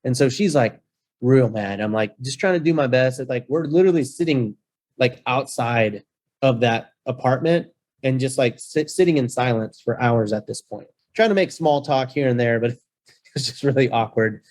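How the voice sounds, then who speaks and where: A man of Mexican heritage, a rental-business guest on a podcast, telling a story in a playful, animated way with acted-out quotes. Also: medium pitch, moderate pace. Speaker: guest, short-term rental host. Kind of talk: casual storytelling.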